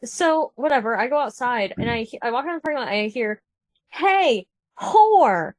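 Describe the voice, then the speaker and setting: A woman's voice: on the high side, fast, no room sound. A woman telling a story in casual podcast chat, acting out the people she quotes. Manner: animated storyteller, acts out quoted voices.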